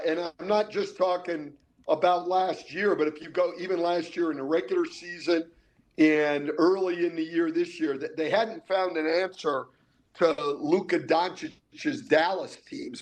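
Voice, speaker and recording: Older male basketball analyst with a higher-pitched voice, analytical, stumbles on repeated words. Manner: analytical, repeats words when starting a thought. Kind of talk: casual sports talk.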